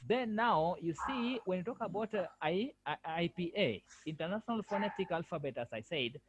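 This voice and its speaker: A man's voice: sits high, lively intonation, fairly quick, dull audio, noisy background. A male French language lecturer giving an online lesson over a video call, repeating himself and firmly correcting students. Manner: repetitive, firm corrections.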